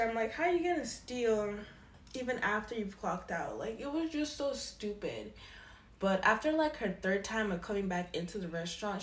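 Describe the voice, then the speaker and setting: A young woman telling a casual storytime about a past job, acting out what people said with big jumps in her voice. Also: roomy sound. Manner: animated, quoting people with lively pitch jumps. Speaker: storyteller vlogger.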